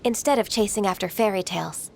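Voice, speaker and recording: A woman voicing a shy, earnest half-divine young woman in a video game, soft-spoken and hesitant. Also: mid-range voice, fast talker, creaky, a little hiss or hum, lightly acted. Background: game music.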